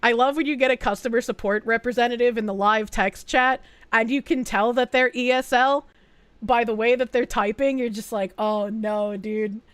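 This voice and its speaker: A woman's voice: fairly high pitch, steady tone, fairly quick, clean tone. A young woman streaming, chatting casually with her viewers in a rambling, profane way, with lots of fillers and frequent giggles. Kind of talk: casual livestream chat.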